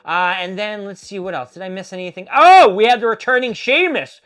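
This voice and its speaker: A man giving a casual, profanity-filled solo recap of a wrestling show, rambling and animated as he tells what happened. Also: high-pitched, brisk, clean tone.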